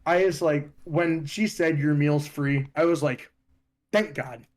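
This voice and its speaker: A man's voice: fairly high pitch, measured pace. Profane young man telling stories. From Ohio, US. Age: young adult. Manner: profane, animated storytelling. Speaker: podcast co-host. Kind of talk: casual chat.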